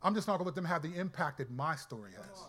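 A man's voice: a little high, expressive, fast, bright, forceful tone. A man doing God, casual and unbothered. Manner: casual, breezy, colloquial. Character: God, calm and unbothered male deity.

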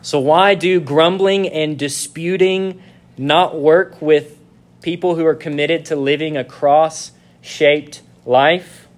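A male pastor preaching a sermon, reading scripture slowly and leaning on key words. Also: fairly high pitch, fairly even intonation.

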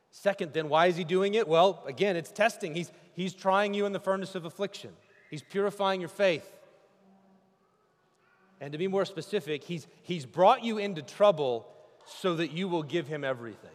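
A man preaching a sermon as pastor, swinging from loud cries to hushed, intimate speech. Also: a little high, long reverb tail.

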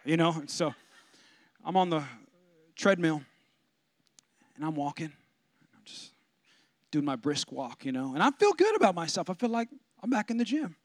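A man preaching a sermon as pastor, telling a comic story and swinging from low asides to loud preaching. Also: no room sound. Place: church.

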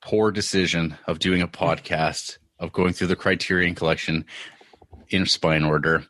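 A man's voice: sits low, steady tone, normal speed, fairly bright tone. A man hosting a podcast in casual chat, hesitant and self-deprecating. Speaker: podcast host.

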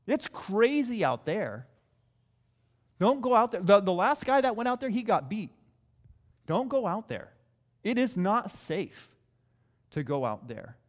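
Sex: man. Role: pastor. Style: conversational sermon, repeats key phrases. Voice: high. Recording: long hall reverb. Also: big pitch swings, measured pace, pauses often.

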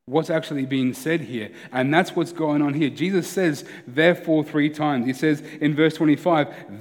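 Pastor, male, earnest conversational sermon, somewhat raised pitch, reverberant church hall. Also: a little fast, few pauses. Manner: conversational, earnest, with repetitions and restarts.

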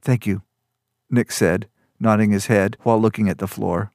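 A man reading a fantasy story aloud as narrator, in an even, measured manner. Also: dry recording, studio quality. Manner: even, measured storytelling, lifts pitch for dialogue. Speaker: audiobook narrator.

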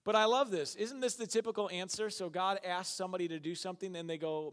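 A man preaching a sermon as pastor, joking and acting out quick voices for the people in his story. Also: high-pitched. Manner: animated, jokey, acts out voices. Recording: long hall reverb.

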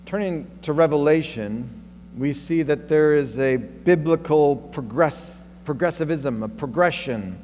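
A man's voice: a little high, a little slow, darkish tone. Conversational man preaching in a reverberant sanctuary. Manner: conversational, thinking aloud with rhetorical questions. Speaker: pastor. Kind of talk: sermon. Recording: long reverb and faint mains hum.

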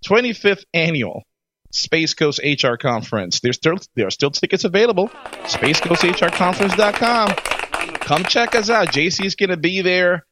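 A man co-hosting a podcast, telling lively stories in casual chat and laughing often. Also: high voice, normal speed, noisy background. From Florida. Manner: animated storyteller, laughs often. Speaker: podcast co-host.

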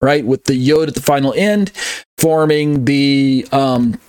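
A man's voice: mid-range voice, fairly even intonation, a little slow, a little mellow, no echo. A man teaching an online Bible study, carefully sounding out and spelling Greek and Hebrew words, often correcting himself as he goes. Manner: thinks aloud, with frequent self-corrections and fillers. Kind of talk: online Bible study lecture over on-screen slides.

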